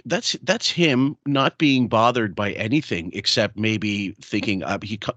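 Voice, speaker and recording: A man hosts a podcast chat in a fairly low voice, pausing often and filling gaps with "uh." The sound is dry and close, with no room echo. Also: a bit bright. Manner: hesitant, many "uh"s. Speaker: podcast host. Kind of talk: casual chat.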